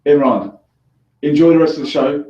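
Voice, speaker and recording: Man, call-in host, chatty and joking, mellow voice, distant dull lo-fi mic in an echoey room. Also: fairly high pitch, steady tone, normal speed. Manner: chatty and joking, laughs easily. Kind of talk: casual call-in chat. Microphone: headphones on, mic at a distance.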